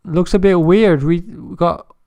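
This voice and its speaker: A man hosting a day-trading livestream, chatting and joking with viewers in an animated way. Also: high-pitched, slow, creaky, dry recording. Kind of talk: casual live-stream commentary.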